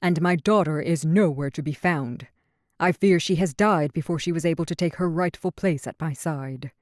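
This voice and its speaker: A woman's voice: sits low, moderate pace, darkish tone, dry recording, clean studio sound, close to an everyday voice. A woman voicing an anguished older king and father, pleading and raising his voice in distress, in an audiobook. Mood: grave.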